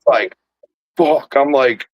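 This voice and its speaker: A man's voice: mid-range voice, slow, no room sound, lo-fi sound. A man hosting a podcast, telling a rambling, profane hunting story with laughs, in a casual chat. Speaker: podcast host.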